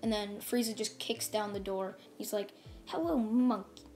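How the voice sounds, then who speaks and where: A woman's voice: medium pitch, flat delivery, normal speed, darkish tone, faint music behind. A woman casually retelling a fan story as the channel's host, rambling and leaning heavily on fillers.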